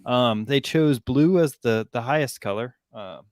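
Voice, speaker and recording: A man's voice: mid-range voice, measured pace, no echo, clean studio sound. Man breaking down football stats. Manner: explains stats with frequent ums and self-corrections. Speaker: college football analyst. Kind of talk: casual podcast analysis.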